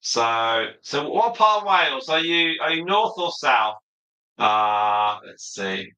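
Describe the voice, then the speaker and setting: A man hosting a relaxed livestream, chatting as he reads viewer comments aloud and answers them one by one. His voice is very bright and sharp-edged, and it rings in an echoey room. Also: mid-range voice, slow pace. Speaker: livestream host. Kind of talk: casual livestream chat.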